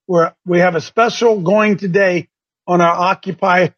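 Excitable folksy man from Ohio. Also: high-pitched, unhurried. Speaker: host. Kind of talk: casual broadcast announcements. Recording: dull lo-fi sound.

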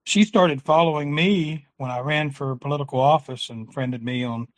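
A man's voice: fairly high pitch, normal speed. A man who is a regular on a talk show, chatting casually and reflectively, often restarting his sentences. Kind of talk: casual chat.

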